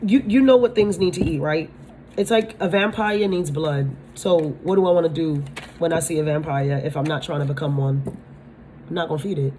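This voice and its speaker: A woman with a fairly low voice gives a spiritual reading to her viewers. She talks bluntly, swears without hesitation and keeps checking whether they follow her. A faint noise sits under the recording. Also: normal speed, mellow. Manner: blunt, swears freely, asks "you understand?". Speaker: tarot reader.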